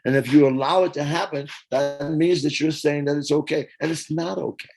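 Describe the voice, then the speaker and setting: Older man telling animated stories. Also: on the high side, a little fast, gravelly, rough recording. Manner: animated storyteller, acts out quotes and hums parts. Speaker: interview guest, former band singer. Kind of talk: casual storytelling interview.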